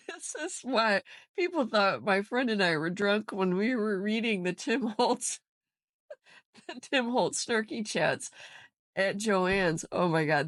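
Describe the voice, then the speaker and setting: A woman's voice: medium pitch, animated, slow pace, no room sound, studio quality. A woman vlogging from her home craft room, opening a craft swap and bursting into giggles as she talks. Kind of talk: casual unboxing chat.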